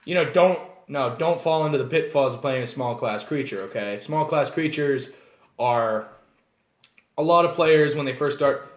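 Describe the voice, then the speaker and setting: A man with a fairly high voice explains tabletop game races in a loose, chatty way. He keeps drifting into little acted scenes. There is a roomy echo around him. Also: moderate pace. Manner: animated, digressive, acts out scenes. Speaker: channel host.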